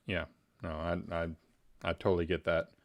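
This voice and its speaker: A man's voice: deep voice, little pitch movement, normal speed. A man hosting a casual livestream interview, chatty and joking as he asks personal questions.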